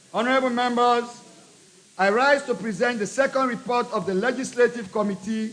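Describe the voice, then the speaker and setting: Sierra Leonean man as committee chairman, high-pitched, measured formal delivery in a parliament chamber. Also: fairly bright tone, rough recording. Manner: formal, deliberate, read in short phrases. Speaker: legislative committee chairman presenting a bill.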